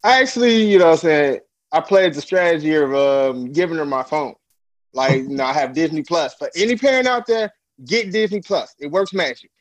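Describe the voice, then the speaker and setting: A man's voice: fairly high pitch, fairly quick, no room sound, poor audio. A young man chatting as a podcast guest about fatherhood, loose and laid-back, laughing often and acting out what people said. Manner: animated storyteller who acts out quotes in a raised voice. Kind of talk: casual interview chat.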